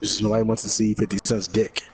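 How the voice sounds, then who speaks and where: A man's voice: on the low side, flat delivery, fast talker, noisy background. A man chatting casually and sounding a bit distracted while he plays a video game.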